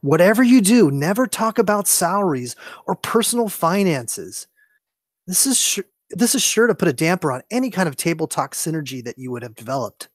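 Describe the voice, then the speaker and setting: Cohost reading quiz options all jokey, super lively voice, dry close sound. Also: mid-range voice, a little fast, dry recording. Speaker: co-host reading the quiz answers. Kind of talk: jokey banter.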